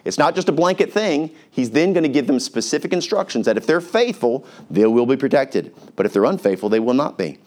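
A man's voice: mid-range voice, expressive, fairly quick, hardly any pauses, a little mellow. Earnest male pastor preaching. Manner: earnest, conversational, reading scripture aloud. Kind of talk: sermon.

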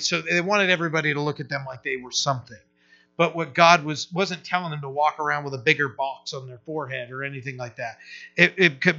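Male pastor, conversational verse-by-verse teaching, bright and a bit high-pitched, halting restarts; dull lo-fi recording. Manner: casual, halting, many restarts and "right?" checks.

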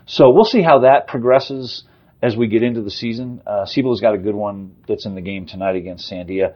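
A sportswriter in his fifties, appearing as a guest in a casual sports interview, talks rapidly and off the cuff with lots of fillers and restarts. His voice is lowish and the recording sounds muffled.

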